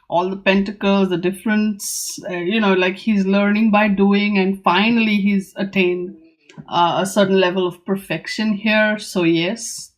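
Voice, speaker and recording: A woman hosting a tarot channel, talking casually and musingly as she goes through the cards, now and then acting out the figures on them. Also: mid-range voice. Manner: musing, chatty, acts out the figures on the cards in quick asides. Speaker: tarot teacher and channel host.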